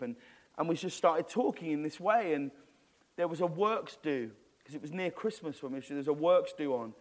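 A man being interviewed on stage, telling a story in an animated, rambling way with many restarts. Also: on the high side, moderate pace. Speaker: guest.

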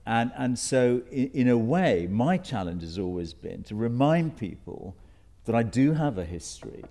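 A man's voice: medium pitch, big pitch swings, normal speed, creaky, warm tone. A man with a British received pronunciation accent, speaking as a guest on a stage panel before an audience, reflective and anecdotal, often restarting his sentences. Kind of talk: panel discussion.

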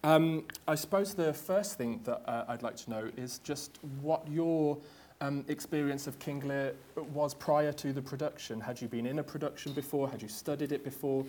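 A man chairing a theatre panel before an audience, speaking politely with many pauses and fillers. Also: medium pitch, darkish tone. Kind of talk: hosting a stage talk.

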